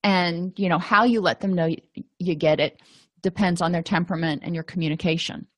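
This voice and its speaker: A woman's voice: fairly low pitch, steady tone, a little fast, a bit bright, no room sound. A woman, a counselor, teaching a conversational lesson on empathy in relationships and acting out little quoted exchanges. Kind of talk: informal lecture on empathy.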